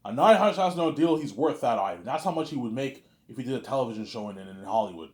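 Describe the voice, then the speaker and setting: A man's voice: medium pitch, lively intonation, quick pace, pitched below the performer's own voice, lightly acted. A man doing a worried accountant. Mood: anxious. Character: worried male accountant and legal advisor.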